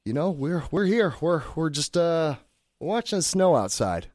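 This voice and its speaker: Easygoing podcast host man, slightly high. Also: big pitch swings, measured pace, darkish tone, dry recording. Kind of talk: casual podcast chat.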